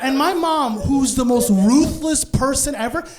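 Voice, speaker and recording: A man from Canada doing stand-up storytelling on a comedy club stage, animated and laughing through his punchlines. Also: extremely high pitch, measured pace.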